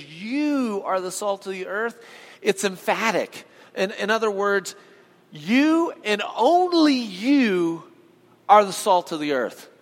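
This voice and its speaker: High-voiced pastor preaching in a reverberant hall. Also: male voice, fairly bright tone. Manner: emphatic, calls on the congregation to respond. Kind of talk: sermon. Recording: long reverb of a large hall.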